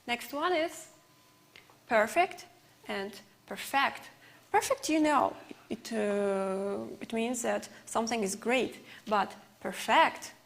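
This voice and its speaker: A woman with an Uzbek accent teaching an English lesson on TV, explaining words slowly and carefully. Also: a little high.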